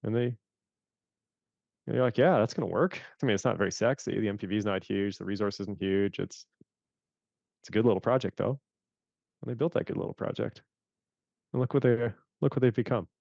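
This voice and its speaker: A man from Canada talks through investing stories in a low, gravelly voice, slipping into quoted reactions with animated energy. The sound is dry and a bit dull, with little room around it. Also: a little fast, long pauses, no echo. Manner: animated, acts out his own reactions in quotes. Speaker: fund manager guest. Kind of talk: casual interview storytelling.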